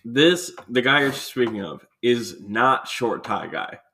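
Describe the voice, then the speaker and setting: A man's voice: medium pitch, lively intonation, takes it slowly, pushed and bright. A man co-hosting a casual chat, bantering and wisecracking with plenty of swearing. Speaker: podcast co-host.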